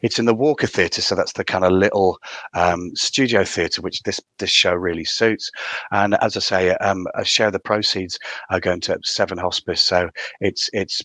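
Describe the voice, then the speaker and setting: A man's voice: deep voice, steady tone, moderate pace, pushed and bright, no echo. A man from North East England, a theatre director chatting eagerly in an interview, with many restarts. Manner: enthusiastic, rambling with restarts. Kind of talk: casual interview chat.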